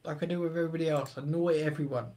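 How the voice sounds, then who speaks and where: High-voiced man chatting on stream. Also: fairly even intonation, rapid-fire, mellow. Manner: chatty, joking, rambling, reading chat aloud. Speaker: live stream host. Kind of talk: casual live stream chat.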